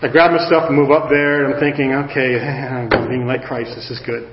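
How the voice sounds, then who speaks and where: A man in his sixties preaching a sermon, telling a personal story in an animated, self-mocking way. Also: medium pitch, fairly quick, noisy background. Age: 60s. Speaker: pastor. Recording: roomy hall, dull lo-fi sound.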